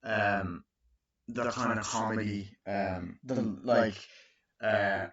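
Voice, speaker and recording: A young man in his twenties recapping a movie in casual, profane chat, acting out lines in high voices. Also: fairly even intonation, slow pace, fairly bright tone. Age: 20s. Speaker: movie reviewer. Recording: echoey, distant, muffled room recording.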